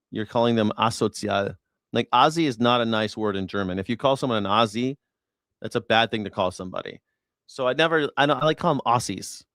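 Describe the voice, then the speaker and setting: A man's voice: mid-range voice, fairly bright tone, no room sound, clean studio sound. A man hosting a news reaction stream, rambling and joking crudely in casual talk. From United States. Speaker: streamer host.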